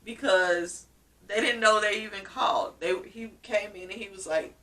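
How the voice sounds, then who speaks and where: A woman's voice: mid-range voice, normal speed, pushed and bright, far from the mic. A woman vlogger telling a personal story in a casual, emotional way, often repeating herself. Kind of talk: casual story-time vlog.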